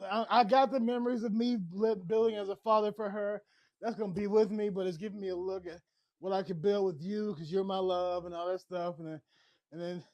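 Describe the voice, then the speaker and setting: A high-pitched man runs through a TV episode recap in a loose, rambling way, working himself up as he goes. He sounds short on sleep. The mic is close and dry, with no room sound. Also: no echo, dull audio. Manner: rambling, excitable, laughing and shouting as he recaps. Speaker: TV show reviewer. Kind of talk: casual spoiler recap.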